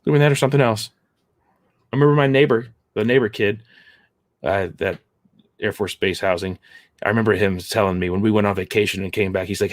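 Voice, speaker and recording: A man in casual podcast chat, telling a story haltingly with many fillers. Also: fairly low pitch, dry recording.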